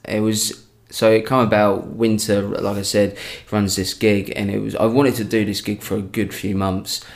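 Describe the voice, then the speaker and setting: Young man, gravelly voice, lowish pitch, rambling casual podcast chat. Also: flat delivery, normal speed. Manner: chatty, rambling with many restarts. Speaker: stand-up comedian guest.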